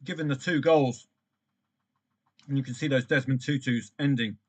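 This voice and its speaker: A man's voice: medium pitch, moderate pace. A man hosting a football trading live stream, chatting with viewers and calling out matches. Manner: chatty, animated, addresses viewers by name.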